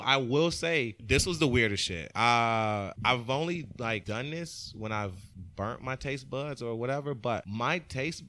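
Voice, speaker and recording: A man tells a story in loose, animated chat, swearing freely and breaking into laughter. His voice is bright and forceful, and it sits right up close on a dry mic with no room sound. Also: mid-range voice, no echo. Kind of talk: casual chat.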